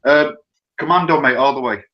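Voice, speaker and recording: A man's voice: medium pitch, brisk, dull audio, a loud crowd. A British man, a guest on a podcast, talking informally and rambling about his barbering work. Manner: rambling, informal, filler-heavy. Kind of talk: casual podcast interview.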